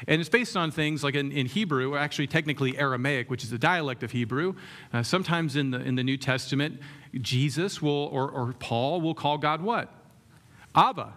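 A man's voice: a little high, brisk, fairly bright tone. A man preaching a sermon in a conversational way, often asking the room questions and using many fillers. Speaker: pastor.

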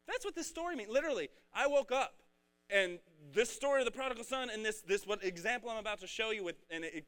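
A man preaching a casual, energetic sermon, talking in a rambling, conversational way. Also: high-pitched, clean tone. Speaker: pastor.

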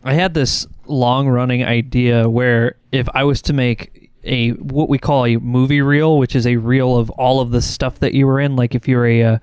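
Man, podcast co-host, casual rambling chat, crisp smooth voice, dry close mic. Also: mid-range voice, moderate pace, no room sound. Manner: rambling, animated storytelling with yelped sound effects.

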